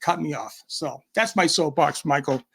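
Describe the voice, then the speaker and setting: Speaking at a normal speed, this Boston-accented man has a slightly high, somewhat bright voice with vocal fry. As a guest on a livestream call, he delivers a heated rant in bursts, emphatic and combative.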